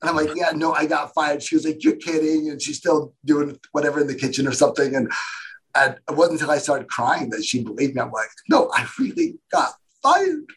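A man, a guest in a casual interview, telling his story in a rambling, animated way and acting out what other people said. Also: fairly high pitch, a little fast, breathy edge, rough recording. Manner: rambling, animated retelling with quoted voices.

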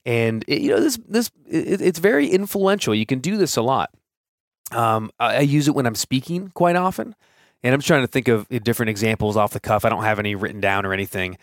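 A man's voice: mid-range voice, expressive, brisk, no echo, clean studio sound. A man in his thirties hosting a solo podcast, talking casually and thinking aloud with fillers and restarts. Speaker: podcast host.

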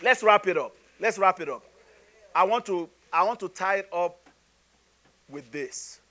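A man with a notably high voice delivers a sermon. He talks to his congregation in an easy, joking way, then turns to pointed rhetorical questions. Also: lively intonation, unhurried, long pauses, fairly bright tone. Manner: conversational and humorous, rhetorical questions. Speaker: pastor.

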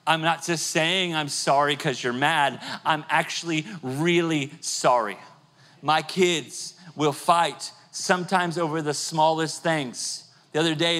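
Emphatic pastor preaching over soft music. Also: male voice. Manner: swings between rising emphatic peaks and quiet low stretches. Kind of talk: sermon.

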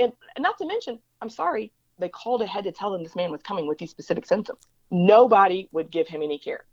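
Fast-talking, emphatic woman interview guest. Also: medium pitch, dry recording, highs cut off. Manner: fast, emphatic, acts out quoted voices. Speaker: interview guest, diversity educator. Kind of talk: conversational interview storytelling.

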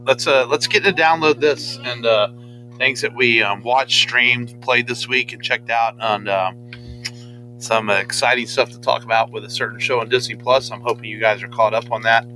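A man's voice: mid-range voice, fairly even intonation, moderate pace, music in the background, poor audio. Joking man hosting a chat. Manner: joking, rambling. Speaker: podcast host. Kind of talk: casual chat.

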